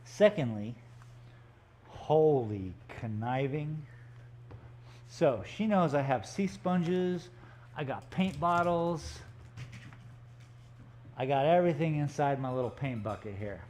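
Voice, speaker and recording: A man's voice: fairly high pitch, expressive, slow, long pauses, a little mellow, slight background noise. Chatty man painting on a live stream. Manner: chatty, joking, rambling asides. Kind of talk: casual live-stream chat. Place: art gallery studio, indoors.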